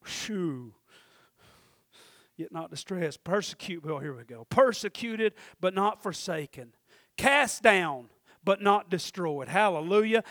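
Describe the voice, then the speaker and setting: A middle-aged man preaching a sermon, swinging from hushed murmurs to shouted fervor. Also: sits high, lively intonation, slow, no room sound, clean studio sound.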